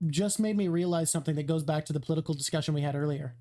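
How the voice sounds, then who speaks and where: A woman's voice: low-pitched, rapid-fire, dark tone. A woman co-hosting a casual chat, earnestly talking through her ideas. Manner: earnest, talks things through. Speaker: co-host.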